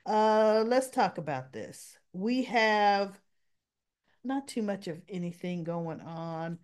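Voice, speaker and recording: A woman's voice: mid-range voice, lively intonation, slow, darkish tone, smooth. A woman chatting casually as she recaps a soap opera into her camera mic, with offhand, dismissive asides.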